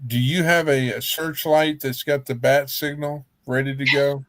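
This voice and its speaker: A man's voice: medium pitch, fairly even intonation, moderate pace, a bit bright, no echo. A man from Texas hosting a livestream in casual chat, rambling and joking with frequent laughs. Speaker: livestream host.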